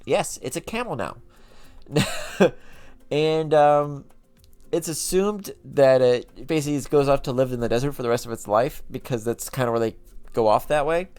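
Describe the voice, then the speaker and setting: A man's voice: mid-range voice, normal speed, darkish tone, smooth. A man casually recapping show lore as a channel host, chatty and rambling, often correcting himself mid-sentence.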